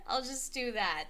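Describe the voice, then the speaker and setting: A woman's voice: on the high side, pushed and bright. A young woman streaming a video game, rambling casually with many fillers, swearing and laughing. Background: faint music playlist.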